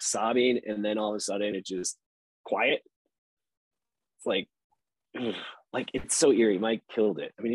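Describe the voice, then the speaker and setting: A man with a husky voice on the low side appears as an actor guest on a podcast, chatting in a casual interview. He rambles loosely with fillers and laughs, and the recording is dry and low in quality.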